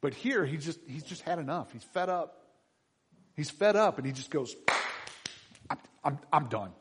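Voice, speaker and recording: A husky-voiced man preaches in a loose, conversational way, his fairly high voice swinging widely as he tells the story and checks in with his listeners. He acts out the people he quotes and asks the room questions as he goes. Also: lively intonation, normal speed. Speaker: pastor. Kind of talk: conversational sermon.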